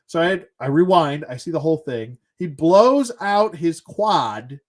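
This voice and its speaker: A man's voice: fairly high pitch, animated, measured pace. A man ranting casually as a show host, sarcastic and exasperated, swearing as he goes.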